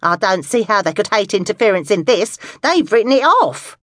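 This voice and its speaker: A woman's voice: mid-range voice, big pitch swings, moderate pace, fairly bright tone, no room sound, clean studio sound, voice pushed up. A woman voicing a querulous, pushy older woman on the phone, whiny and impatient, for an audiobook. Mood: indignant. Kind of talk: audiobook dialogue.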